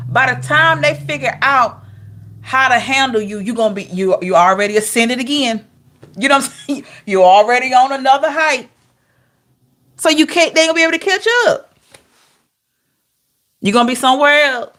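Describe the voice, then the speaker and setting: Woman doing a tarot reading, kinda high voice, chatty and upbeat, talks right to y'all. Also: a bit bright. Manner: chatty and encouraging, laughs often, addresses viewers as y'all. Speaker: tarot reader. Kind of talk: casual tarot reading monologue.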